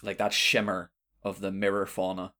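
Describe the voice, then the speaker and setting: A man narrating as game master of a tabletop game, unhurried and hesitant, with many fillers. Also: deep voice, completely flat delivery, pushed and bright.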